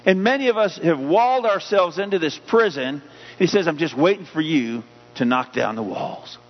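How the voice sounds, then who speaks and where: Male pastor, sermon delivery, slightly high voice, punches up the scripture readings; muffled recording with long hall echo. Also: lively intonation, moderate pace. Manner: preaching with rising emphasis on scripture readings. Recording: dull hum-laden audio with long hall reverb.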